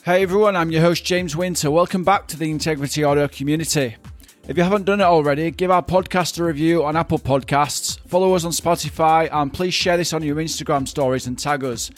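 Male podcast host, friendly casual interviewer, fairly high voice. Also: fairly quick, soft background music. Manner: relaxed, friendly, stumbles over questions.

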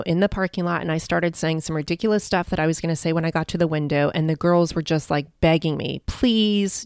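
A woman's voice: fairly low pitch, dry recording, clean studio sound. A woman hosting her own podcast as a life coach, telling stories in a chatty, upbeat way. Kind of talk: casual solo podcast monologue.

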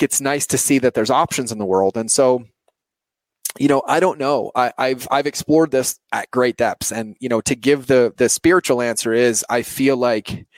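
A man in his thirties, an entrepreneur appearing as a guest, speaks earnestly and reflectively about his life in an interview. His voice sits at a medium pitch with no room sound, and his speech is full of "like" and "you know."

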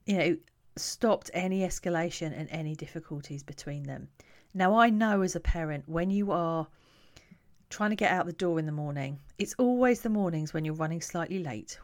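A woman who coaches parents, talking to camera in a calm, reflective, conversational way. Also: on the low side.

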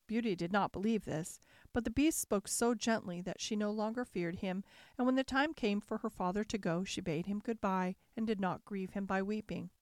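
A woman narrating a classic fairy tale in a calm, measured storybook reading. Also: medium pitch, no room sound, clean studio sound.

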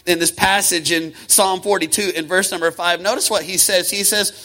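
A male pastor preaching a sermon, rhythmic and impassioned, with fast runs, slow drawn-out emphasis and calls to the congregation. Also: high-pitched, steady tone, sharp tone, low-quality recording. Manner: swings from quick talk to slow, drawn-out emphasis.

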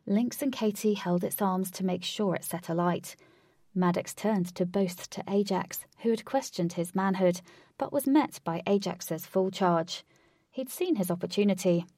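A woman reads an adventure story aloud in a steady, clear voice at a middle pitch. The recording is dry and close, with no room sound around it. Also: measured pace, no echo. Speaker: narrator. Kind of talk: storybook narration.

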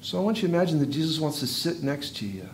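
Male pastor, slightly higher voice, preaching a sermon as vivid storytelling with wide loud-soft swings. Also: big pitch swings, very fast, slight background noise.

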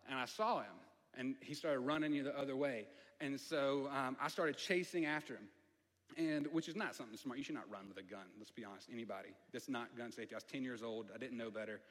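A man's voice: medium pitch, fairly bright tone. A man with a Southern accent, preaching a storytelling sermon in a conversational way, with asides to the audience. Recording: long hall reverb.

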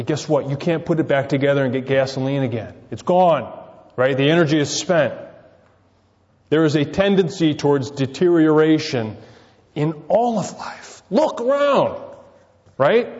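A man preaching a sermon, peppering it with rhetorical questions and swinging between loud emphasis and quiet asides. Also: fairly high pitch. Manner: rhetorical, keeps asking "right?". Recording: dull sound with long reverb.

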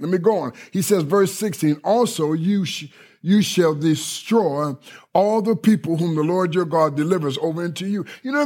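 A man's voice: fairly high pitch, darkish tone, husky. A middle-aged man preaching a sermon, emphatic and repetitive, who keeps asking listeners whether they heard him. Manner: emphatic and repetitive, often checking listeners are following.

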